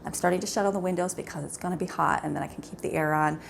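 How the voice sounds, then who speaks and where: A woman's voice: lowish voice, fairly even intonation, rapid-fire, vocal fry, slight background noise. A woman in her thirties chatting casually to the camera at home, rambling along with many fillers. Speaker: vlogger, mother of a large family.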